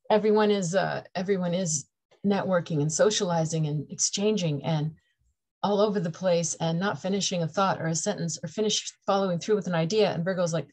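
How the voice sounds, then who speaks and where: A woman's voice: fairly low pitch, normal speed, darkish tone. A middle-aged woman from Canada giving a chatty, playful tarot reading to camera, laughing often between her points. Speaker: tarot reader.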